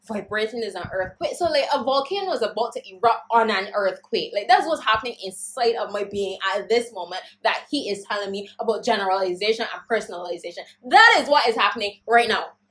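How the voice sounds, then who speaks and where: A woman telling a storytime rant on her vlog. She talks dramatically, acting out the voices of the people in her story and swinging from calm delivery to shouting. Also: medium pitch, fast, few pauses, poor audio. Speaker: vlogger.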